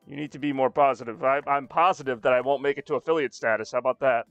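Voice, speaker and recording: A man's voice: medium pitch, fast talker, a bit bright, dry recording, highs cut off, faint music behind. A man streaming a racing game, chatting casually with a rambling, self-deprecating, joking manner. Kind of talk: casual live-stream chat while playing.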